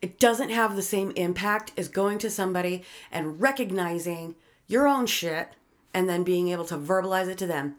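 Woman, casual talker, blunt and foul-mouthed, animated explainer. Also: lowish voice, moderate pace. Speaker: friend giving advice. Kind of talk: casual chat.

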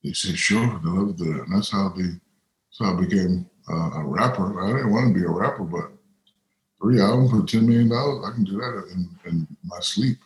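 Brief: deep male guest spinning anecdotes, roomy echo. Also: normal speed. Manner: rambling anecdotes with quoted voices. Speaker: interview guest. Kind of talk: casual storytelling.

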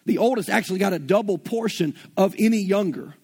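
A man's voice: high-pitched, brisk, vocal fry, a little mellow, husky. A man with a Southern US accent preaching an earnest, folksy sermon and retelling scripture in everyday slang. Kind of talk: conversational sermon.

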